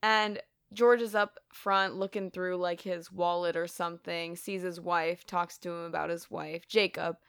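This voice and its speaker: A woman's voice: fairly low pitch, flat delivery, unhurried, few pauses, a bit bright, smooth, no room sound, studio quality. A woman co-hosting a podcast, casually recapping a film with lots of laughter and swearing. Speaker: podcast co-host.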